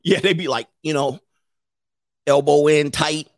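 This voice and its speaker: A man's voice: fairly high pitch, fairly even intonation, measured pace, gravelly, no room sound. A middle-aged man hosting a livestream, telling stories casually, laughing often and acting out other people's voices. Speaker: livestream host.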